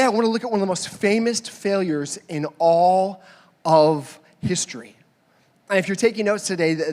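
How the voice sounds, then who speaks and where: A male pastor preaching a sermon, telling a funny story with lively back-and-forth dialogue and then reading scripture. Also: high-pitched. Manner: animated storytelling, acting out both sides of a dialogue. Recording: hall reverb.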